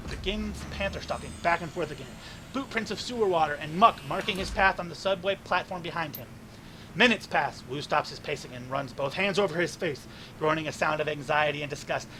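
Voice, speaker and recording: A man's voice: high-pitched, bright, forceful tone, slight background noise. A man reading a game's story text aloud as the let's play narrator.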